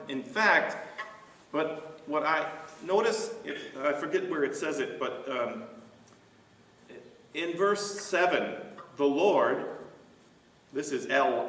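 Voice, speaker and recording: Male pastor, slow and halting, bright tone, mic set far off in a reverberant church. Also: fairly high pitch. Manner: halting, many fillers and restarts. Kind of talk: Bible study discussion. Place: church sanctuary.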